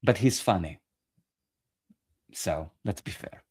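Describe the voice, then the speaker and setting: A man's voice: low-pitched, expressive, slow, darkish tone, slightly rough. A man ranting in a political commentary video, profane, sarcastic and mocking.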